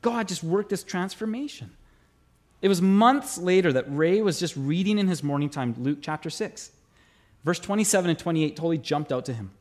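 Preaching at a moderate pace, a middle-aged pastor voices every character in a story, shifting animatedly through the dialogue. His voice sits high and ranges widely.

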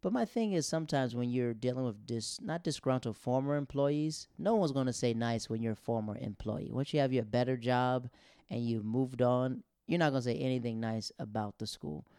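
A man tells stories in a loose, chatty comedic way, with plenty of "like" fillers. His voice is gravelly and sits mid-pitched for a man. It is recorded dry, with no room sound. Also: moderate pace, mellow, no room sound. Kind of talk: casual comedic storytelling.

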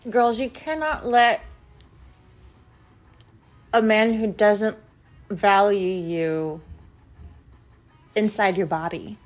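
A young woman vlogger telling a personal story in a rambling, casual way, filling every pause with "like" and speaking bluntly with plenty of swearing. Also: mid-range voice, soft background music. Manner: rambling, heavy use of "like", blunt and profane.

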